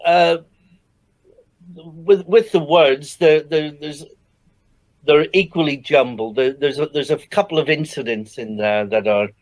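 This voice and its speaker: English songwriter guy, talks slow and stop-start, slightly high voice. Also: darkish tone. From England. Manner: halting, many restarts and fillers. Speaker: singer-songwriter guest. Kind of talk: interview answers.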